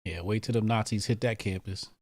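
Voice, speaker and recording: A man's voice: on the low side, steady tone, a little fast, background noise. A man co-hosting a podcast, making dry, sarcastic quips in casual chat. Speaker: podcast co-host.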